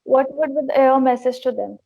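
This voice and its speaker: A woman's voice: sits high, moderate pace, creaky, dry recording, phone-quality sound. A woman interviewing a guest, asking her questions politely and deferentially.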